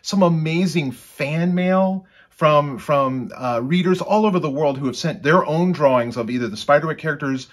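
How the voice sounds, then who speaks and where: A man's voice: a little high, normal speed, hardly any pauses. A man, an illustrator, chatting casually and enthusiastically with his co-author. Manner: enthusiastic, warm-hearted. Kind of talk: casual chat.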